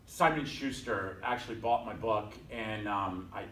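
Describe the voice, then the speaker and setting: A man's voice: lowish voice, a little slow, fairly bright tone, slight background noise. A man giving a guest talk to a class, chatty and self-deprecating, acting out the voices of people in his story. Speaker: guest speaker. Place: conference room at a bank, from a distance. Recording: echoey room, distant mic.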